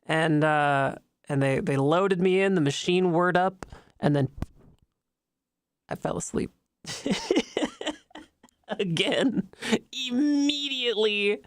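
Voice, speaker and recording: A woman's voice: sits low, takes it slowly, pauses often, smooth, no echo, clean studio sound. A woman streamer telling a casual anecdote live, laughing often and acting out other people's lines.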